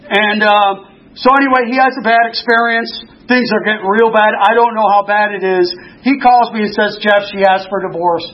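A man in his sixties, an earnest and animated storyteller, sharing his recovery story at a meeting. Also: high voice, a little hiss or hum. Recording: dull lo-fi recording.

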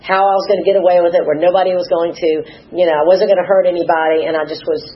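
A woman's voice: fairly low pitch, fairly even intonation, very fast. Emotional woman sharing her story, muffled. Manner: emotional, rambling, acts out quoted dialogue. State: teary. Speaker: recovery meeting speaker. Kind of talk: personal testimony.

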